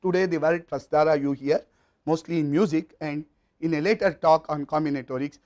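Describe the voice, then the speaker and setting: A man with a high voice and an Indian English accent delivers a recorded lecture. He explains step by step at a measured pace, his phrases trailing off softly at the ends. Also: fairly even intonation.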